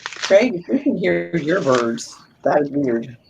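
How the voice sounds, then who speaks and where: A woman chatting casually with friends on a live stream, animated and quick to laugh. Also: deep voice, creaky, a little hiss or hum, rough recording. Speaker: stream participant. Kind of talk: casual group chat.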